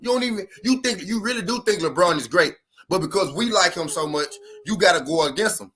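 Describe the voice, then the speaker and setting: Man hosting live sports talk, high-pitched, argues and swears, repeats lines. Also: expressive, fairly quick, sharp tone. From Memphis, Tennessee. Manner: profane, repetitive, argumentative.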